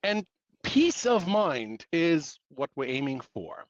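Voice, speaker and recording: A man's voice: on the high side, big pitch swings, takes it slowly, no room sound, highs cut off. Joking man presenting a webinar. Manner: playful, full of pop-culture analogies and self-mocking asides.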